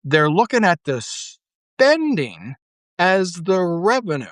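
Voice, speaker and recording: Man, podcast host, profane casual rant, somewhat high pitch, dry room. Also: sing-song, slow pace, fairly bright tone, dry recording. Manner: ranting, profane, full of fillers. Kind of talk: casual monologue.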